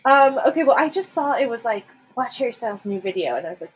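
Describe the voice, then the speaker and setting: A young woman from the Midwest co-hosting a podcast in casual chat, giggly and animated, often gasping and exclaiming. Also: a little high, quick pace, a little hiss or hum, low-quality recording. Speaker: podcast co-host.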